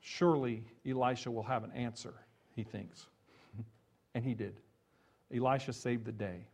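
A man preaching a sermon, telling the story with animated swings from emphatic peaks to quiet low asides, chuckling between points. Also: moderate pace, vocal fry, slightly rough. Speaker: pastor.

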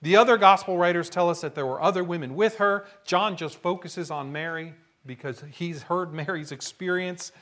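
A man's voice: sits high, normal speed, hardly any pauses, a bit bright. A man preaching a sermon, retelling a story dramatically and acting out the quotes. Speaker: pastor.

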